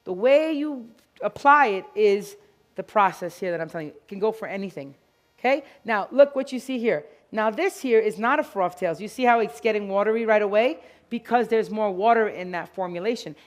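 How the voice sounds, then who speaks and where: A woman giving an animated, playful live product demonstration to an audience at a store grand opening event. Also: medium pitch, fairly quick. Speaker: product educator.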